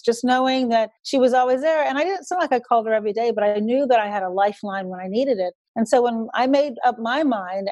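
An older woman, a guest in an interview, speaking in a measured, storytelling way. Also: fairly high pitch, darkish tone, no room sound. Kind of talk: conversational interview.

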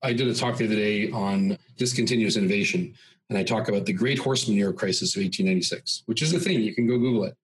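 A man with a fairly low voice speaks quickly as a guest in a conversational podcast interview, spinning long, expansive stories packed with examples. The recording is rough, with slight background noise.

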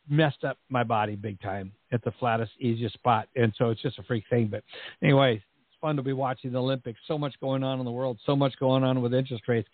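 A chatty middle-aged man opens his podcast with rambling asides. His voice is gravelly and sits a bit high for a man. The audio is dry and tinny, like a phone line. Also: dry recording. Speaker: podcast host. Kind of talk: casual show opening. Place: Central Texas.

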